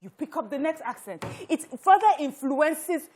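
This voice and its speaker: A Nigerian woman speaks on a studio talk panel, earnest and explanatory. Her voice is a little high, and she builds her argument step by step. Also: animated, moderate pace, a little mellow, slight background noise. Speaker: talk show co-host.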